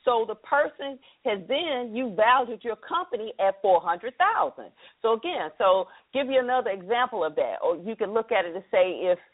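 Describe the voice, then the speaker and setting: An upbeat, chatty woman hosts her own radio talk show, speaking to listeners in a fairly high voice. Her voice arrives through a tinny, phone-like line, thin and narrow in sound. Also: expressive, moderate pace.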